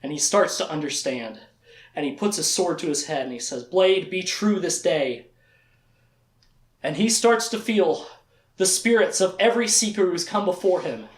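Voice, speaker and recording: A man's voice: sits high, animated, normal speed. A man giving a casual lecture that recaps a book series, chatty and joking, laughing often and leaning on "like.". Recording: echoey room.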